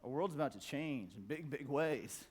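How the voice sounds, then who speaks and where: This middle-aged conference speaker has an expressive voice with a breathy edge and speaks at a normal speed in a conference hall. His talk is profane, blunt, and emphatic, full of stacked repeated words, and he acts out quoted voices in a loud high squawk.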